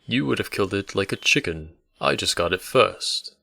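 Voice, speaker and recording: A man's voice: sits low, expressive, moderate pace, vocal fry, sharp tone, dry recording, clean studio sound, heavily acted. A man voicing a playful young male innkeeper's assistant who talks in a lilting, teasing way. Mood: subdued.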